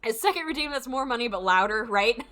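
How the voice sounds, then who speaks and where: A woman's voice: on the high side, big pitch swings, a little fast, sharp tone. A woman streamer chatting casually and giggling while she plays a mystery game. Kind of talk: casual gameplay commentary. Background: background music.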